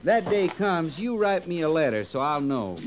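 A dry-humored cavalry sergeant in a vintage western drama, needling his men in a fairly high, level voice. Faint hiss sits under the old recording. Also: moderate pace. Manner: wry, needling, deadpan. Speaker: army sergeant.

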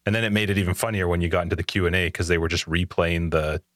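A man's voice: low voice, steady tone, very fast, a bit bright, dry recording, clean studio sound. A man co-hosting a casual gaming podcast, rambling and often restarting his sentences. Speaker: podcast co-host.

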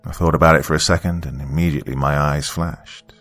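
Deep-voiced man narrating an audiobook. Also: fairly even intonation, fast talker, few pauses, fairly bright tone. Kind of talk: first-person audiobook narration. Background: faint music.

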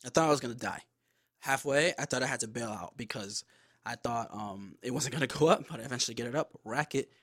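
Young guy on a podcast ranting through a gym story, swears a lot, middle pitch voice. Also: quick pace. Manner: animated, profane storytelling. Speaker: podcast host. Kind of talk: casual story time.

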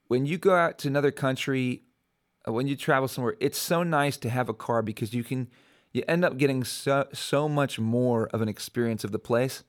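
Man, American, podcast host, casual solo talk, rambling, reflective, many fillers, middle pitch. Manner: reflective, easygoing.

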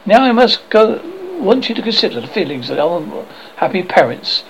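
A man's voice: high voice, big pitch swings, moderate pace, a little hiss or hum, rough recording. A man voicing an earnest, motherly girl telling a bedtime story to a room of boys.

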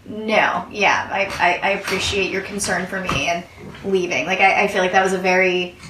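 A woman's voice: mid-range voice, fairly even intonation, moderate pace. A woman talking in a casual book discussion, thoughtful and hesitant, often restarting her sentences. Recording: bright echoey room, far from the mic, faint noise.

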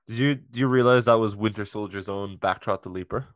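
A man co-hosting a podcast, chatting casually and excitedly about a TV episode, joking a lot and saying "like" often. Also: fairly low pitch, a little fast, no room sound, clean studio sound. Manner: excitable and jokey, with many "like" fillers. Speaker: podcast co-host. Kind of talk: casual chat reviewing a TV episode.

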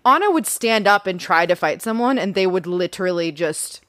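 A woman's voice: on the low side, animated, moderate pace, a bit bright, dry recording, clean studio sound. A woman co-hosting a casual film podcast, frank and emphatic, swearing now and then. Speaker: podcast co-host. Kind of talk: casual chat.

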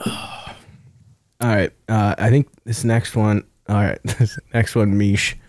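A man's voice: fairly low pitch, flat delivery, slow, a little mellow, no echo, studio quality. A man hosting a podcast in casual chat, laughing often and swearing casually as he tells stories. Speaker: podcast host.

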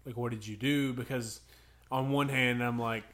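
A man's voice: medium pitch, steady tone, moderate pace, fairly bright tone. Young male podcast co-host, casual storyteller who acts out kids' voices. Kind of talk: casual chat.

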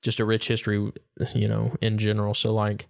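A man's voice: fairly low pitch, monotone, fairly quick, gravelly. A young man co-hosting a podcast in casual chat, giggly and rambling, often slipping into silly put-on accents. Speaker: podcast co-host.

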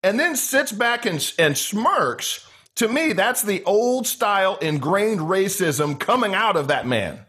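A man hosting a political interview, speaking in an animated, indignant rhetorical way. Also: high-pitched, slow, husky. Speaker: show host.

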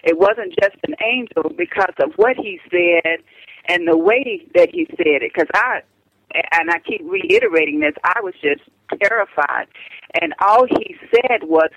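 An older woman calls in as a guest on a phone-in radio interview, speaking earnestly and haltingly and often stopping to restart a sentence. Her voice is on the low side. The telephone line sounds dull, narrow, flat and dry, with no room sound around her.

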